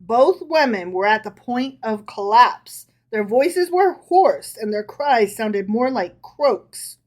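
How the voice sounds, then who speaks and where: A woman's voice: on the high side, animated, slow pace. Woman reading folk tales aloud. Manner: casual, amused asides between readings. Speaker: podcast co-host.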